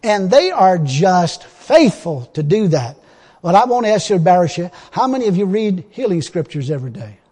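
A man preaching a sermon in a church, folksy and colloquial, swinging between loud exhortation and low confiding asides. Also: sing-song, moderate pace, husky, long reverb tail.

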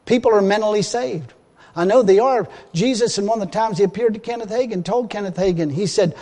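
High-voiced man preaching in a hall. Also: a little fast, dark tone. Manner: emphatic, folksy, with repeated restarts. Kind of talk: sermon.

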